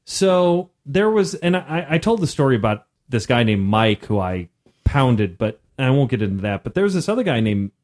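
A man's voice: mid-range voice, normal speed. A man in his thirties telling a story in casual podcast chat, acting out voices as he goes. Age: 30s. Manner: animated, acts out voices in his stories. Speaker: podcast co-host.

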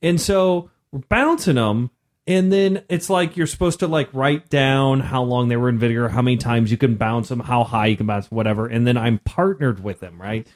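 A man's voice: mid-range voice, moderate pace. A man in his thirties telling a story in casual podcast chat, acting out voices as he goes. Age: 30s. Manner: animated, acts out voices in his stories. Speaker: podcast co-host.

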